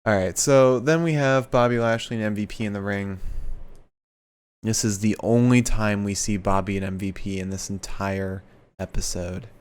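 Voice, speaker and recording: A young man co-hosting a podcast, chatting casually through a wrestling recap and acting out the quotes with animated put-on voices. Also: lowish voice, normal speed, smooth. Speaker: podcast co-host.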